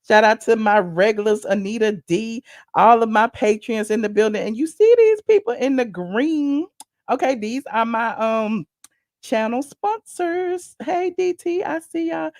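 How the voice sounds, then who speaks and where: Woman, live-stream host, chatty and rambling, slight gravel, dry close sound. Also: on the high side, measured pace, no room sound. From Atlanta, USA. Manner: chatty, animated, rambling asides. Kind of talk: casual live-stream chat.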